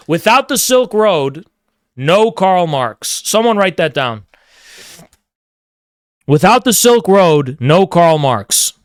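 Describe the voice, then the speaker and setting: A man's voice: high-pitched, fairly bright tone, clean tone, no echo, studio quality. A man delivering a provocative, emphatic ranting monologue, repeating phrases for effect. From United States. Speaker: political commentator.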